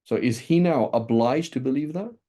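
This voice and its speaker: Man, mellow warm voice, teaching a class, conversational, lively, frequent restarts. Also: medium pitch, moderate pace. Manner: animated, frequent "right?" checks, restarts and asides. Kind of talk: classroom lecture on Islamic texts.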